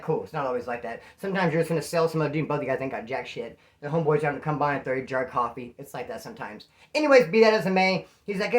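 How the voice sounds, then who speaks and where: A man from Bakersfield, California, telling a prison story in casual, animated street slang. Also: a little high.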